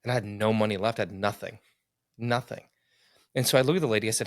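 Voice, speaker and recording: A middle-aged man telling a personal story in casual conversation, earnest and animated, acting out what people said. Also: fairly low pitch, fast talker, pauses often, no echo, studio quality. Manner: earnest, animated, acts out quotes.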